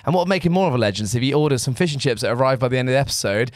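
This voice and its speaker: A man's voice: mid-range voice, racing, dry recording. A man co-hosting a podcast, teasing his partner and laughing along. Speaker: podcast co-host. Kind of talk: casual chat.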